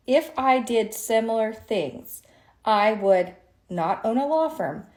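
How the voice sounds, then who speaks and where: A woman's voice: a little high, lively intonation, takes it slowly, a little mellow. A woman tax attorney, tired after a long day, telling a frustrating story to camera in an exasperated, sarcastic, emphatic rant. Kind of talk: ranting story monologue to camera.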